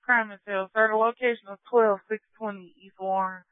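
A man's voice: high voice, steady tone, brisk, clean tone, no echo. A man working as a police dispatcher, giving clipped, procedural calls over the radio. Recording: tinny police radio scanner audio.

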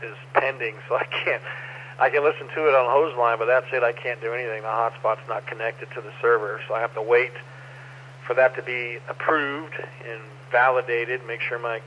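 A man's voice: medium pitch, fairly even intonation, normal speed. A man chatting casually over the radio in an easygoing, matter-of-fact way. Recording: muffled radio with faint noise.

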